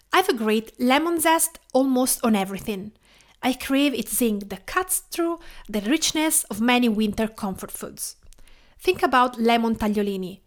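A Tuscan woman with an Italian accent, hosting her cooking podcast and reading in an unhurried way, lingering over lists. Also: fairly high pitch. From Tuscany, Italy. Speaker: podcast host and home cook. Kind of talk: scripted podcast narration.

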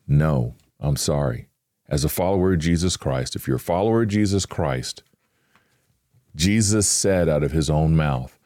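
Very deep-voiced man preaching casually. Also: normal speed, mellow, dry recording, clean studio sound. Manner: earnest, conversational, with emphatic asides; acts out worried inner voices. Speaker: Christian podcast host. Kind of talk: informal devotional teaching.

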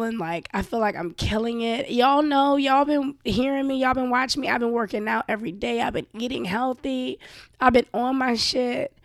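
A woman's voice: a little high, no echo, studio quality. A young woman host with a cough, venting candidly and profanely to her listeners in a casual monologue. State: sick with a cough. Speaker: show host.

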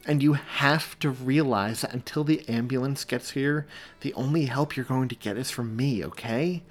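A man reading aloud, voicing a wry, steady young man who speaks sarcastically but firmly and gently. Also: medium pitch, moderate pace, pitched above the performer's own voice, close to an everyday voice. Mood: gentle. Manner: sarcastic, then gentle and firm.

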